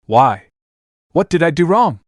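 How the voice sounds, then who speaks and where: A man's voice: a little high, big pitch swings, unhurried, no room sound, clean studio sound, voice pushed up. A man voicing a devout young male exorcist with a pleading, earnest manner. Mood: anguished.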